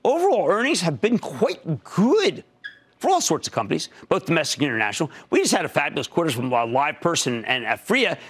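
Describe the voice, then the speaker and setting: A man in his sixties hosting a stock market TV show, giving emphatic, punchy commentary and taking callers. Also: husky. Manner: emphatic, punchy, jumps between loud and low.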